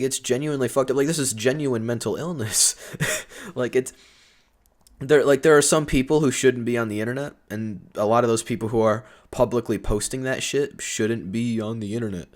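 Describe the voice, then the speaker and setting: A man's voice: mid-range voice, fairly even intonation, moderate pace. A young man giving a blunt, rambling commentary vlog, swearing often and restarting his sentences. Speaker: video creator.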